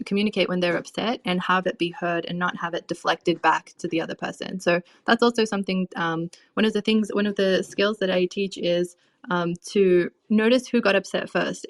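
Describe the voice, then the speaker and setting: A woman's voice: lowish voice, gravelly. A young adult woman coaching on relationships in a casual, chatty way, full of "you know" and "um". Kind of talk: casual advice talk.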